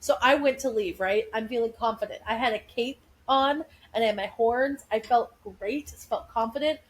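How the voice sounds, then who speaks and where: Chatty higher-voiced woman telling stories. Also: moderate pace, slight background noise, rough recording. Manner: animated, chatty, laughs while telling stories. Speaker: podcast co-host. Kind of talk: casual chat, storytelling. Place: home living room.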